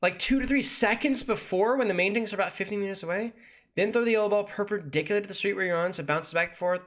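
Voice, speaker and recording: Male streamer-coach, high-ish bright edge, exasperated critique of a guide. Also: fast. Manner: exasperated, ranting critique with sudden incredulous outbursts.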